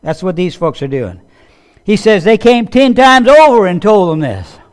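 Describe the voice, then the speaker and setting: A man's voice: high-pitched, sing-song, moderate pace. A man preaching a sermon as a pastor. He tells Bible stories in a conversational way, asks the listeners questions and acts out the voices he quotes.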